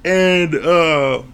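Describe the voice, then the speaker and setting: A man giving a casual recap of a TV show, animated and laughing often, with casual swearing. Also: a little high, smooth. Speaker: TV show reviewer.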